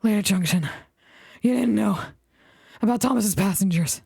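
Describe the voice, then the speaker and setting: A woman voicing a cheerful, hasty male bus who shouts and puffs with excitement. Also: medium pitch, normal speed, creaky, husky, no room sound, studio quality. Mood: panting. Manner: excited shouting, puffing exclamations.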